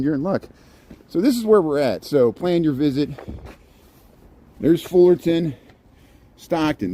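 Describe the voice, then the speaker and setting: A middle-aged man rambles cheerfully through a walking vlog, pointing things out as he goes. He is recorded outdoors on a phone, with faint street and traffic noise behind him. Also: warm tone. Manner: chatty, rambling, talks to the animals in a high playful voice. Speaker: walking tour vlogger. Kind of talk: casual walking vlog narration. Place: outdoors at a city zoo farm in winter.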